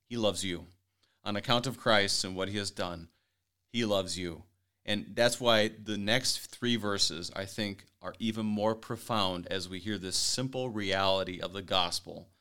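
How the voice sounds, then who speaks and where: A man hosting a Bible study radio talk, earnest and quick to laugh, reading scripture aloud. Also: lowish voice, a bit bright, smooth. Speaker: host.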